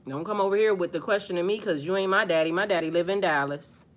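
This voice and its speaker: A middle-aged woman hosts a spiritual live stream, talking back bluntly and with sass to viewers' comments, and her voice climbs loud and high whenever she gets worked up. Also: quick pace.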